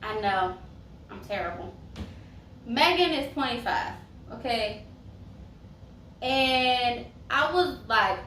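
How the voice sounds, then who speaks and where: A woman's voice: fairly high pitch, lively intonation, slow pace, pauses often, fairly bright tone. Sassy young woman, roomy far-off sound. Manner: sassy, chatty, goes off on tangents. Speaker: reality TV reviewer. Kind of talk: casual chat. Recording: roomy echo, mic far off, faint hiss.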